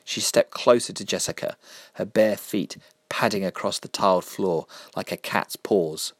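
A man reading a dark story aloud in a steady, measured narration. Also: low voice, dry recording, studio quality.

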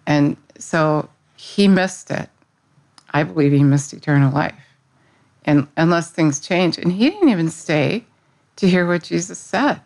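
A woman giving an earnest, conversational devotional talk, often restarting her sentences. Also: lowish voice. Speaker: devotional speaker. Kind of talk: casual spoken devotional.

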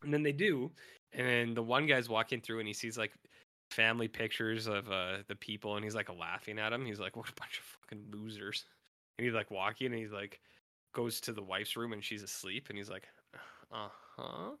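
Bright-voiced man rambling about horror films. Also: on the low side, brisk, dry recording, clean studio sound. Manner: rambling, acts out quotes in flat mumbles. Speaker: podcast co-host.

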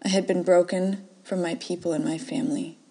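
Woman, author reading her story, soft measured delivery, dark mellow tone, hushed at times. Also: on the low side, steady tone, husky. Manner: soft, measured, slipping into whispers for quiet moments. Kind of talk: first-person story reading.

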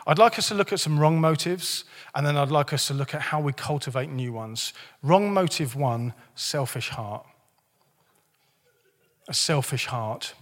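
A slightly hoarse man preaches in a church, his voice sitting a little high for a man. He keeps it conversational and jokey, and the sound rings with a long hall reverb. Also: a little slow. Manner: lively, joking, conversational preaching. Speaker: pastor. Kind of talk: sermon.

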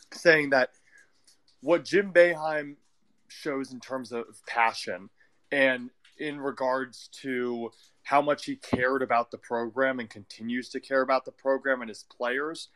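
A man's voice: medium pitch, a bit bright. Reflective young man in casual chat. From US West Coast. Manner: reflective, thinks aloud with restarts. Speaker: caller in an online audio room.

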